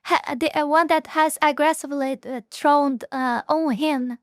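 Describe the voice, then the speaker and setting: High-voiced woman reacting, halting and dry. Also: steady tone, dry recording. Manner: halting, restarts often, laughs at herself. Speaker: reaction streamer. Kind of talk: casual reaction commentary.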